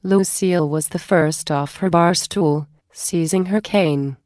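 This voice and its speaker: A woman reading fan fiction aloud in a steady, measured narration. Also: lowish voice, no echo, clean studio sound.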